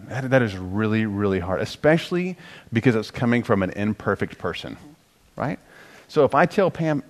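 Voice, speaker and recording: A middle-aged man with a lowish voice, teaching couples about marriage. He talks casually and jokes at his own expense. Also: moderate pace. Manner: self-deprecating, joking, animated when quoting himself. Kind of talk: conversational teaching talk.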